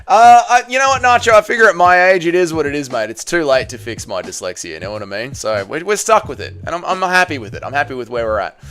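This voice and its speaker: A man's voice: on the high side, expressive, fast talker, hardly any pauses, a bit bright. A man hosting a casual livestream, reading viewer messages aloud with loose banter and muttering to himself while he works the computer. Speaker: livestream host.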